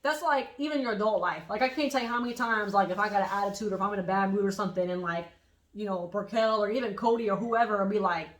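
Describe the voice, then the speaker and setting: A woman co-hosting a casual podcast chat, telling animated stories and acting out what people said. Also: mid-range voice, fast, echoey room, low-quality recording. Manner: animated storytelling, acts out quotes. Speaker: podcast co-host.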